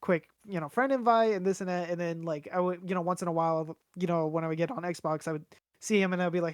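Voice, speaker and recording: A man's voice: sits high, fairly even intonation, fast talker, smooth, no echo, studio quality. A young man co-hosting a podcast, telling a rambling, swear-filled story with lots of fillers. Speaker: podcast co-host. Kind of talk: casual chat.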